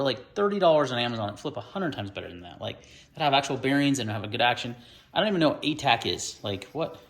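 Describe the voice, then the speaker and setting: A man's voice: medium pitch, lively intonation, fairly quick, fairly bright tone. A man hosting an unboxing video, talking casually and ranting in frustration about the gear.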